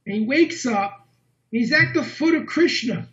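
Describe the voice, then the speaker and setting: High-voiced man telling a story. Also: moderate pace. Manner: animated, earnest storytelling. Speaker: guest speaker. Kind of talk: storytelling talk. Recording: dull lo-fi online meeting audio.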